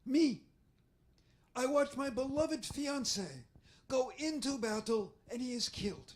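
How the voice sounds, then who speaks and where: A woman's voice: high voice, unhurried, a little mellow. A man with a strained voice imitating a blunt, brusque woman voice therapist who was a former commando, in a put-on foreign accent. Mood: scolding. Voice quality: strained, breathy.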